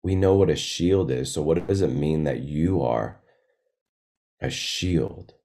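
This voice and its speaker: Very deep-voiced, slow-talking man preaching. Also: warm tone. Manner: slow and meditative. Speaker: pastor. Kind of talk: sermon.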